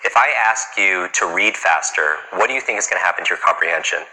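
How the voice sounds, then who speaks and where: A man speaks in a deep register with a sharp, strongly bright edge. He coaches a live crowd on reading in a brisk, punchy style. He keeps throwing rhetorical questions at them. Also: animated, poor audio. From New York. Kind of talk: motivational talk to a live audience.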